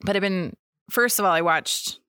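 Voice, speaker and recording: A woman's voice: on the low side, normal speed, sharp tone, dry recording, clean studio sound. A young woman co-hosting a podcast, chatting casually with plenty of fillers and restarts. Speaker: podcast co-host. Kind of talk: casual chat.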